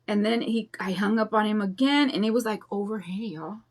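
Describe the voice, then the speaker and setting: A woman's voice: mid-range voice, fairly quick. A woman in her fifties chatting in a rambling, confiding way while she paints, telling a personal story. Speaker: craft vlogger. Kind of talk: casual chat while painting.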